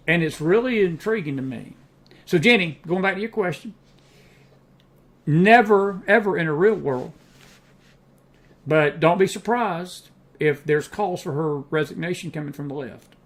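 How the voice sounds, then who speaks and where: A middle-aged man with a drawl hosts a live political commentary show, fielding viewer questions. His voice sits a little high for a man. He talks bluntly and with open indignation, slipping into folksy anecdotes. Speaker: host of a live news and faith show.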